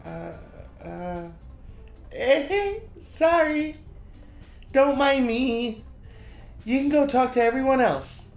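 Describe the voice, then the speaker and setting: Someone doing a game schoolgirl, fake-cheery and hesitant, bouncy pitch, echoey room. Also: animated, slow pace, gravelly, long pauses, soft background music, full character voice. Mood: forced cheer. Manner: hesitant, forced brightness. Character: cheerful schoolgirl hiding sadness.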